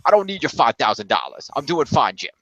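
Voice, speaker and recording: Man doing a cocky New York mafia-type, sneering and sarcastic, fast delivery. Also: medium pitch, very animated, a bit bright, no room sound, dull audio. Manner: mocking, sarcastic delivery of a read-out statement.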